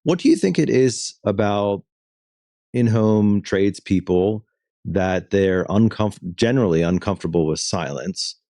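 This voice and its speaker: Man, deep voice, podcast host, dry close recording, explanatory. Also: animated, unhurried, dark tone, no room sound. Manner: explanatory, asks long questions. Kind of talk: interview.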